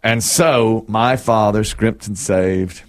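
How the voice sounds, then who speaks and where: A man's voice: fairly low pitch, slow pace, slight background noise. A middle-aged man from North Carolina hosting a sports talk radio show, telling stories with playful exaggeration.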